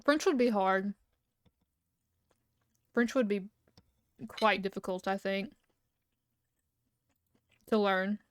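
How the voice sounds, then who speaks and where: A woman's voice: mid-range voice, slow pace, long pauses, no echo. A young woman streamer chatting casually and loosely, humming and giggling between thoughts while she eats. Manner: relaxed, rambling, hums and giggles often. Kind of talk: casual livestream chat.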